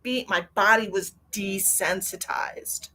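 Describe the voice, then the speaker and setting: Speaking slowly in a mid-range voice that's bright and forceful, this middle-aged woman chats on her livestream as a psychic medium host. She's open and emotional, curses without hesitation, and reads viewers' comments aloud.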